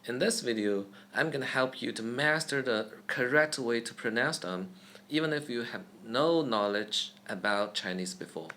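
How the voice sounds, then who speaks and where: A man's voice: normal speed, sharp tone, a little hiss or hum. A young man teaching a beginner Chinese pronunciation lesson, acting out each tone with wide rises and falls in his voice. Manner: demonstrates tones with sweeping pitch changes.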